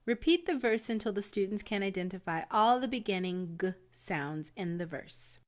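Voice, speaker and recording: A woman with an American accent reads a teaching guide aloud, one step at a time. Her delivery is calm and measured, like scripted instructional narration. Her pitch sits in an ordinary middle range.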